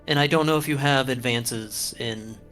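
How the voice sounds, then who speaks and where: A man runs a tabletop role-playing session, reasoning through the rules out loud. He hesitates and restarts his sentences as he works things out, in a mid-pitched, everyday voice. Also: normal speed, soft background music. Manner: thinks aloud, hesitant restarts over rules. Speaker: game master. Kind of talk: running a tabletop game.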